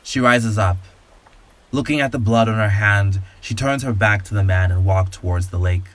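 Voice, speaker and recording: A man hosting a podcast and narrating a story in a calm, measured, soothing way. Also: fairly low pitch. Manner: calm, slow, soothing guided-imagery delivery.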